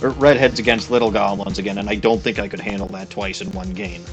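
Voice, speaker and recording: A man's voice: on the low side, fairly even intonation, fast talker, highs cut off, over music. A man giving casual, brash and profane commentary while playing a game. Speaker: let's play host.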